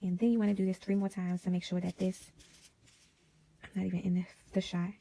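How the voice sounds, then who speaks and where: A woman hosting a casual sewing tutorial, chatty and drifting into quiet whispered asides as she works. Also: lowish voice, level tone, brisk, vocal fry. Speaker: DIY sewing vlogger.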